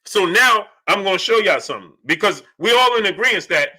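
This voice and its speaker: Bright-voiced man hosting a livestream. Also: high-pitched, lively intonation, fairly quick, slightly rough. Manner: rhetorical, repeats questions, shouts out viewers. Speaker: boxing channel host. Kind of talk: livestream commentary, reading chat.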